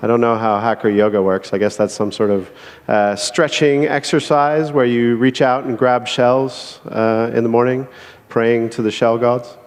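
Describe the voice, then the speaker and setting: An easygoing male host introduces the next speaker with a joking tone and a few fillers. His voice sits at a middle pitch, and the long reverb of a large hall trails behind it. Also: flat delivery, moderate pace.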